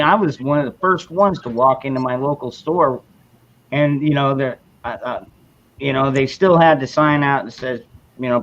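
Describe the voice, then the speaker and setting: A man's voice: medium pitch, a little hiss or hum. A man in his forties hosting a podcast, talking in a blunt, profane, rambling way. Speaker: podcast host. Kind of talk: casual chat. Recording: dull lo-fi sound.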